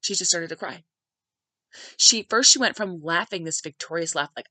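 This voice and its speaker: A woman's voice: fairly low pitch, normal speed, pushed and bright, dry recording, poor audio. A woman hosting a podcast and telling a personal family story in a heartfelt, conversational way, dropping in many filler words. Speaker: podcast host.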